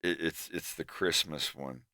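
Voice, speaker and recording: A man's voice: extremely low pitch, fairly even intonation, unhurried, pushed and bright, no echo, clean studio sound. A man from Florida with a Southern drawl, chatting casually on his stream and often restarting his sentences. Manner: rambling, restarts often, laughs easily. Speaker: animator and streamer.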